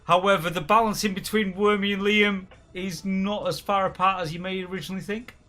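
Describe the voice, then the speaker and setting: Bright-voiced man chatting on a game stream. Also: sits high, fairly even intonation, brisk. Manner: joking, rambling, laughs often. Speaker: streamer host. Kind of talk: casual chat while gaming.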